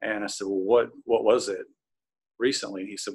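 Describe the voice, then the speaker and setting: A man's voice: on the low side, fairly even intonation, brisk, a little mellow, husky. A man casually recounting a personal story, rambling with plenty of fillers and restarts. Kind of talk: casual spoken recollection.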